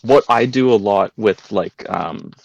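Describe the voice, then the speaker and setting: Gravelly low-voiced young man. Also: measured pace, a little mellow, dry recording, muffled recording. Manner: storytelling, crude jokes, acts out voices. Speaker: podcast guest. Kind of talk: casual chat.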